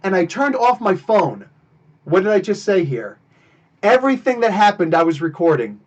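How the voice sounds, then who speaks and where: A married man hosting a live podcast, telling a confrontation story in an animated, emphatic way. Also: sits high, moderate pace, muffled recording. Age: adult, married. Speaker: podcast host. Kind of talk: casual storytelling on a live stream.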